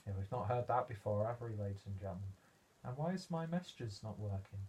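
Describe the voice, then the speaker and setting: A man's voice: lowish voice, lively intonation, a little fast, mellow, a little hiss or hum. A young man reviewing a beer in a casual, rambling vlog, full of ums and asides. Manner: rambling, self-deprecating, many ums and uhs.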